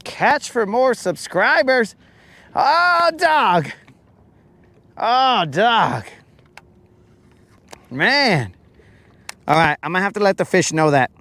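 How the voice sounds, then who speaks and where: A man's voice: high voice, big pitch swings, slow pace, long pauses, bright, forceful tone. A man hosting a fishing show, joking around casually on a boat and calling people bro and dog. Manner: slangy, joking, keeps saying bro and dog.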